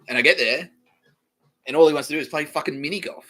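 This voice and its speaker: A man with an Australian accent delivering a rambling, profane comedic monologue, repeating himself and swinging between loud outbursts and mumbling. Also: fairly high pitch, fast talker, soft background music. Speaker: podcast host.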